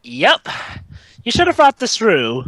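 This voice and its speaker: A man's voice: sits high, wildly swooping pitch, fairly bright tone, no room sound. A man co-hosting a casual movie commentary in a playful, joking way. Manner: playful, quick to joke. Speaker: podcast co-host.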